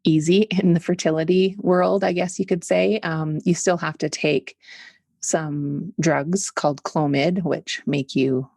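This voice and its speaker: Low, gravelly-voiced Canadian woman. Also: fairly even intonation, unhurried, darkish tone, dry recording, clean studio sound. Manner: open, candid, explains step by step. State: tickle in throat from smoke. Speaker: podcast guest. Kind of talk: conversational interview.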